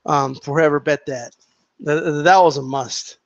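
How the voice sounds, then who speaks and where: A man's voice: a little high, fairly even intonation, a little slow, no room sound, muffled recording. A man ranting casually to his viewers, heated and profane, mocking people and repeating himself for emphasis. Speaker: boxing commentator vlogger.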